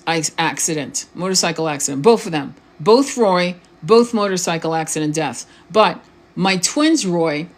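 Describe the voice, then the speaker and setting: A woman who works as a spiritual coach and tarot reader delivers a casual live-stream monologue in a mid-range voice. She's blunt and informal, swears freely, restarts words, and often asks the viewer questions.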